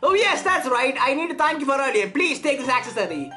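Woman reading a courteous contest judge, bright high voice. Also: big pitch swings, fast talker, soft background music, exaggerated voice. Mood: polite. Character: polite female contest judge.

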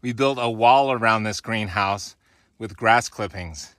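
Breathless bright-voiced farmer filming himself. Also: male voice, on the low side, measured pace, no room sound. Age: 40s. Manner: upbeat, addresses viewers as guys. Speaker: farmer and channel host. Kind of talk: casual walk-and-talk farm vlog. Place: outdoors in snow and inside a greenhouse. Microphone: handheld camera, filming himself.

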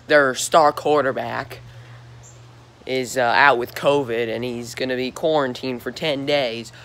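A man's voice: medium pitch, creaky, fairly bright tone. A man from Georgia in the US, hosting his own sports talk vlog and ranting in disbelief, with lots of repeated questions. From Georgia, USA. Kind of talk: solo sports rant vlog.

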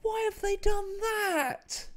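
A man doing an impression of a prim, nerdy young man who exclaims in a high, fluty voice. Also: slow, fairly bright tone, heavily acted. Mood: mock delight.

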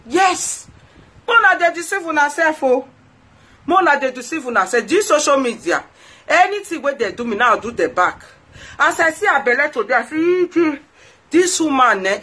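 Nigerian pidgin lady ranting at her followers, bright sharp voice kinda husky, keeps repeating herself to make the point. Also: fairly high pitch. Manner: scolding, indignant, repeats phrases for emphasis. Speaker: host.

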